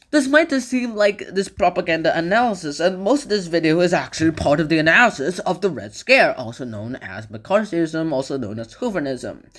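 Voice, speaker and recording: A man's voice: on the high side, fairly bright tone. A man giving a casual educational commentary, rambling with fillers and dropping sarcastic asides. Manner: loose, rambling phrasing with fillers. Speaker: video lecturer.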